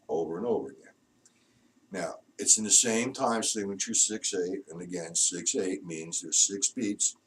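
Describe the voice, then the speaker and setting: Low-voiced drum teacher counting beats. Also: male voice, distant mic, poor audio. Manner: steady counting aloud, plain instructive. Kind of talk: spoken drum lesson with counting.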